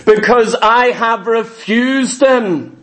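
A man's voice: very high voice, slow pace, a bit bright. A man preaching a sermon to a congregation, with an emphatic, repetitive cadence.

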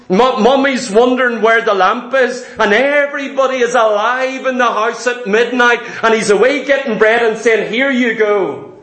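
A man's voice: extremely high pitch, fairly bright tone, echoey room. A man preaching a sermon, emphatic and vivid, repeating his key points and telling stories.

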